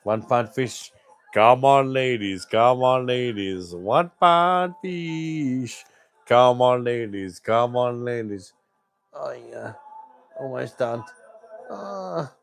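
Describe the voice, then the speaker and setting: A man putting on a loud, sing-song market fish seller's chant, shouting his wares. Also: medium pitch, expressive, slow, vocal fry, long pauses, voice pushed up, heavily acted. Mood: hawking.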